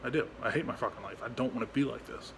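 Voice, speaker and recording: A young adult veteran vlogs candidly at home into his phone, frustrated and halting, rambling, swearing heavily and restarting sentences. His voice is medium-pitched and creaky, with background noise.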